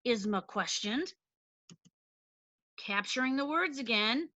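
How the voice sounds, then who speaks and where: A woman teacher explains a lesson at a slow, deliberate pace, leaning on key words for emphasis. Her voice is bright and a touch high, and the recording is dry and slightly dull. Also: lively intonation, no echo.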